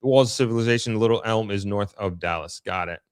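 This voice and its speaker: A man with a Long Island accent hosts a casual live stream, chatting and answering viewers. His voice sits on the low side, and the close microphone sounds dry, with no room echo. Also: fast talker, smooth. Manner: chatty, upbeat, reads viewer comments aloud. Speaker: livestream host reading chat.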